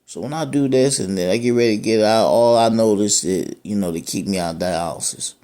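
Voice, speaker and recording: A man's voice: on the low side, fairly quick, dark tone. A man, a dialysis patient, telling his own story of being turned away from care, rambling and repeating himself, frustrated and aggrieved. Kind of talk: personal testimony.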